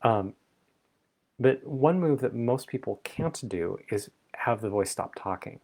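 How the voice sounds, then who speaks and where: A man's voice: mid-range voice, expressive, a little slow, vocal fry, darkish tone. A man hosting a reflective solo talk, thinking aloud in an exploratory, playful way. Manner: thoughtful, exploratory, playful asides. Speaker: vlog host.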